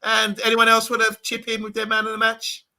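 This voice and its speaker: A man co-hosting a football fan show, reading viewer comments in a quick, animated way. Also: sits high, a crowd in the background. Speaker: co-host. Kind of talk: casual football chat.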